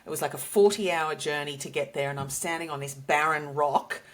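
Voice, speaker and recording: Australian woman guest, lowish voice, lively anecdotal storyteller who acts out dialogue. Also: brisk. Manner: animated storyteller, acts out quotes with high bursts. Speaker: guest, company CEO. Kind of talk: casual podcast chat.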